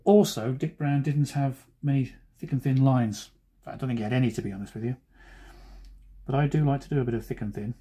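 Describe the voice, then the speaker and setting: Mellow husky-voiced joking cartoonist man. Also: medium pitch, brisk. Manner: joking, self-deprecating asides. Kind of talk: chatty drawing commentary.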